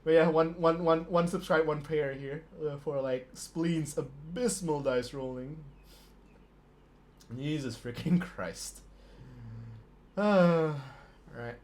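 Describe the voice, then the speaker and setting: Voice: medium pitch, takes it slowly, pauses often, a little mellow. A stream host commentating a tabletop wargame live, laughing constantly and swearing in disbelief at the dice rolls.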